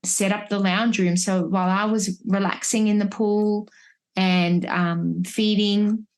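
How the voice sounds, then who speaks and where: Slow and fairly even, her mid-range voice carries a casual birth story shared on a remote podcast, where she appears as a guest and mother of three. Holding a baby at home with headphones on, she reflects chattily and often restarts her sentences.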